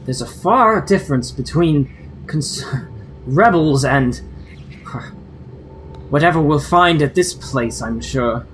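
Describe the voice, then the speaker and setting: A stern woman general, sharp and scornful, her lively voice jumping high with disbelief, as a man puts her on. She sounds worn out yet proud at the table. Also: slow, pauses often, a little hiss or hum, poor audio. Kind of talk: tabletop role-play voice acting.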